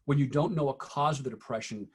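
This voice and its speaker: A middle-aged man speaks in a husky, mid-pitched voice as he leads a training session for teachers. He tells true stories from his school years earnestly and often pauses to restart his sentences. His tone stays quiet and serious when he recounts hard moments. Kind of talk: recorded training talk with personal stories.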